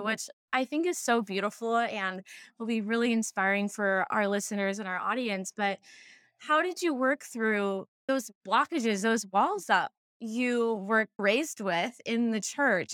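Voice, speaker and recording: A woman's voice: on the high side, a little slow, fairly bright tone, clear, resonant tone, dry recording, studio quality. A woman hosting a podcast, asking her guest questions in an effusive, encouraging way. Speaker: podcast host. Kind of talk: interview questions.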